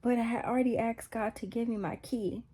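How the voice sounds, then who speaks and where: A woman's voice: fairly high pitch, fairly even intonation, fairly quick, warm tone, slightly rough. A woman telling a personal faith testimony in a casual, rambling way, repeating herself and poking fun at herself. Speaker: vlogger sharing a faith testimony.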